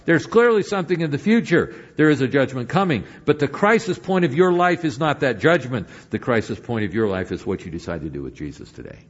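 An older man preaching a sermon as pastor, moving between emphatic points and hushed, quiet stretches. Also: mid-range voice, expressive, brisk, hardly any pauses, muffled recording.

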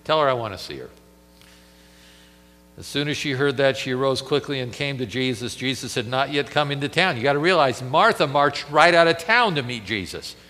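A man preaching a sermon, emphatic, with dramatic pauses and rhetorical questions. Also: mid-range voice, bright, forceful tone, big-room sound.

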